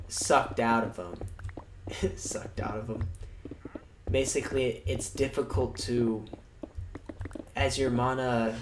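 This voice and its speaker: Slow, rambling sardonic male streamer. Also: mid-range voice. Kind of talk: casual livestream chat. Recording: echoey room, noisy background.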